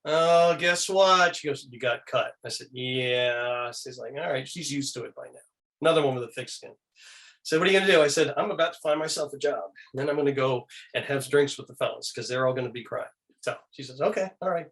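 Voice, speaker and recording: A man's voice: mid-range voice, fairly bright tone. A middle-aged man, a guest on an interview show, telling anecdotes casually and acting out the people he quotes in shifting voices.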